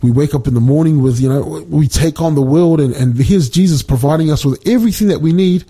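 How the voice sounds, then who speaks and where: A man giving a casual devotional talk, speaking haltingly with many restarts and fillers. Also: a little high, dark tone, breathy edge. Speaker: Bible study speaker.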